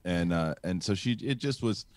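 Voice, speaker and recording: A middle-aged man hosts a casual live show, telling a story with lots of restarts and fillers. His voice sits low. The sound is dry and close. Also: lively intonation, moderate pace, no room sound. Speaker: host.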